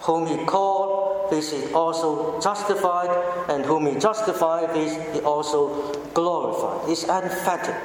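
Male preacher, high-pitched, slow and emphatic; echoey church hall, mic at a distance. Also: a little hiss or hum. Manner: measured, emphatic delivery with deliberate pauses. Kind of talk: sermon.

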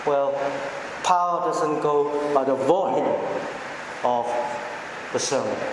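Slow, emphatic high-voiced preacher in echoey hall. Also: male voice, background noise. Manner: measured, emphatic delivery with deliberate pauses. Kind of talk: sermon. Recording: echoey hall, heard from a distance.

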